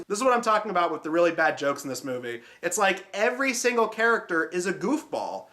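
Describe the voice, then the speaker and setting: A man's voice: high-pitched, very animated, fast talker, few pauses, pushed and bright. A man hosting a film review show, talking casually and sarcastically and swearing often. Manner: sarcastic, swears freely, mocking.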